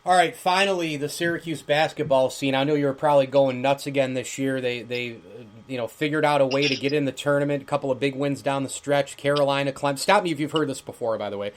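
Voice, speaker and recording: A man hosting a sports talk show, asking long-winded questions and arguing his points in an animated way. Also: mid-range voice, fast, few pauses. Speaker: radio show host. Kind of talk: casual sports talk interview.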